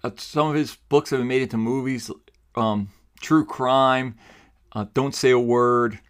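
A man's voice: medium pitch, fairly even intonation, unhurried, fairly bright tone, clear, resonant tone. A man from the New York City suburbs hosting a podcast, giving emphatic, argumentative opinion commentary. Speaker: podcast host.

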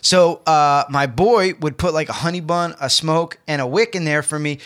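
A man's voice: on the high side, normal speed, a bit bright. A young man casually chatting on a podcast, telling rambling stories with restarts and laughs. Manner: rambling storyteller, restarts, laughs at own tales.

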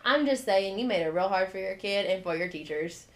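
A young woman co-hosts a relaxed podcast conversation. She is chatty and breaks into laughter easily, with a mid-range voice. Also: medium pitch, fairly quick. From Southern United States. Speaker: podcast co-host. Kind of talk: casual podcast chat.

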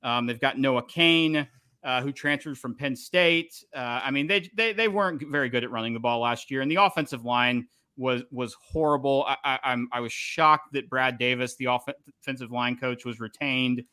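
A man hosting a podcast, giving opinionated, animated takes in casual chat. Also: medium pitch, normal speed, smooth, dry recording, studio quality. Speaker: podcast host.

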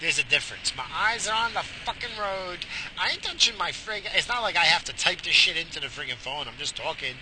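Driving his car, a man podcasts into a head-mounted mic, rambling crudely and profanely in a mock-theatrical way. His voice is a little high and sing-song, a little fast, with a noisy background.

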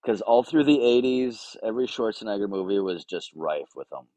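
Deep-voiced joking man. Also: expressive, normal speed, dark tone, dry recording, low-quality recording. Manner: joking, irreverent. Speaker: podcast co-host. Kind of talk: casual chat.

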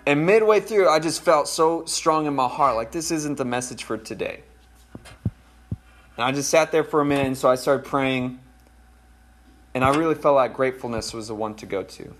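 A man's voice: medium pitch, fairly quick, a bit bright, a little hiss or hum. A man, a pastor with children, preaching a conversational sermon and talking straight to his congregation. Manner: conversational, folksy, addresses congregation directly.

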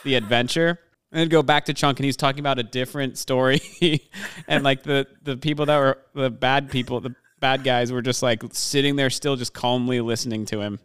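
A man's voice: medium pitch, steady tone, brisk, fairly bright tone, clear, resonant tone. A man chatting casually as a podcast co-host, rambling with many filler words and laughing often. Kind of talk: casual chat.

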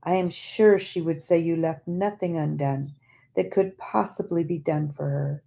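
Woman reader doing a soft, grieving female friend, low and mellow, audiobook. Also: steady tone, unhurried, creaky. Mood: sorrowful.

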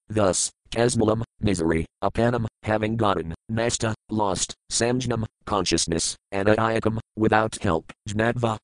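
A man reading scripture verses aloud, giving each word's meaning and then the translation in a measured, deliberate recitation. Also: mid-range voice, no echo, rough recording. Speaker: scripture reader.

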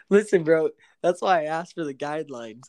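A young man co-hosting a laid-back podcast, thinking out loud with stumbles and restarts and ending nearly every line with "bro". His voice sits slightly high for a man and sounds dry and close. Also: measured pace, dry recording. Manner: hesitant, restarts, says bro a lot, laughs. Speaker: podcast co-host. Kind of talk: casual podcast banter.

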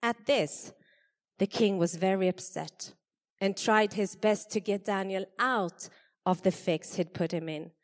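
A woman giving an expressive Bible reading to a church congregation, her voice rising for the quoted speakers. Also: mid-range voice, measured pace. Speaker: scripture reader. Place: church hall. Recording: long hall reverb.

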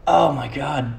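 A man's voice: medium pitch, creaky, slight background noise. A young man hosting a solo podcast, rambling in a profane, self-mocking way and laughing often. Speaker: podcast host.

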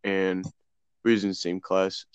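Young man, low voice, casual profane storytelling, dull dry lo-fi recording. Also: measured pace, clear, resonant tone, no room sound. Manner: loose, profane, animated retelling with quoted dialogue. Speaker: podcast co-host. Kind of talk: casual storytelling among friends.

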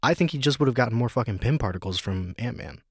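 A man's voice: mid-range voice, lively intonation, quick pace, no room sound, clean studio sound. A young man hosting a casual chat podcast, swearing freely and joking loosely with friends.

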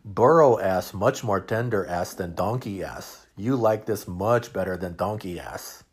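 A man's voice: unhurried, slightly rough. A man doing a teasing waiter with a mock Spanish accent. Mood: smug. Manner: broken English, higher and louder than his own voice. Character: cheerful male restaurant waiter, smug and teasing.

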